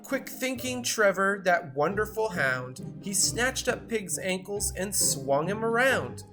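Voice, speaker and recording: A woman reading a rhyming picture book aloud in a measured, expressive storytelling voice. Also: mid-range voice. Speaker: storybook reader. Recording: narration over clear background music.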